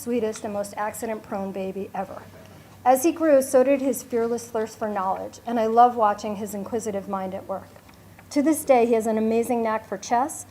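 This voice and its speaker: A woman's voice: fairly high pitch, mellow, slight background noise. A woman in her forties, a mother reading a prepared, heartfelt speech at her son's bar mitzvah.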